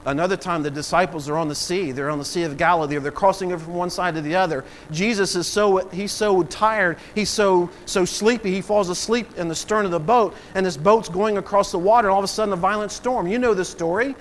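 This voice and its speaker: A man's voice: sits high, a little fast, few pauses, a little hiss or hum, poor audio. A man preaching a sermon as pastor, acting out voices and swelling in volume for emphasis.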